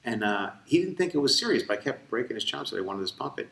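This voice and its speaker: In a casual interview in a convention room, a middle-aged ventriloquist rambles through a story, animated yet tired, with many fillers and restarts. He talks fast in a medium-pitched voice with vocal fry. The recording is echoey, with his voice coming from far off.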